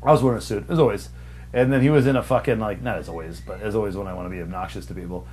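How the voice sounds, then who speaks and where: A man's voice: fairly low pitch, fairly even intonation, rapid-fire, a little mellow, a little hiss or hum. A young adult man hosting a podcast, telling stories in a rambling, mocking way with plenty of swearing. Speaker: podcast host. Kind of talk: casual storytelling chat.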